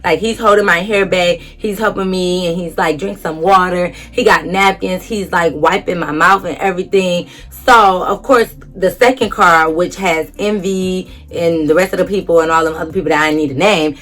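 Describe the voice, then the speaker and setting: A woman's voice: lowish voice, fairly even intonation, normal speed, hardly any pauses, a bit bright. A young woman vlogger telling a dramatic storytime story casually, acting out quotes and swearing freely.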